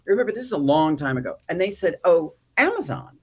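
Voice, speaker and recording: A woman's voice: fairly low pitch, quick pace, husky. Woman guest telling funny stories, voice swoops all over, acts out the quotes. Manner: animated, comic storyteller who acts out quotes. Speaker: actor and activist guest. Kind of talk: storytelling in a casual interview.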